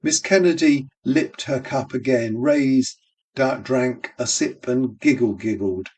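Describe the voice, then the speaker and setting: An audiobook reader with a darkish, middle-pitched voice reads literary prose aloud, slow and unhurried, shaping each phrase like music. He sounds a little distant from the mic.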